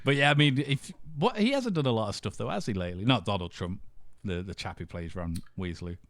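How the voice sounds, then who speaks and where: A man's voice: lowish voice, lively intonation, a little fast, a bit bright. A man co-hosting a casual podcast chat, rambling and laughing often. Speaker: podcast co-host.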